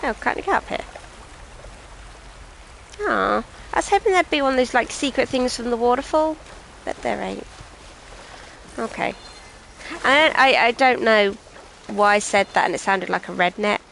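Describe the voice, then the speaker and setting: A woman's voice: fairly high pitch, expressive, normal speed, gravelly, pauses often, a bit bright, slight background noise, low-quality recording. A British woman chatting and rambling casually as she streams a video game, often poking fun at herself. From Britain. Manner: chatty, rambling and self-mocking. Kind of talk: casual gameplay commentary.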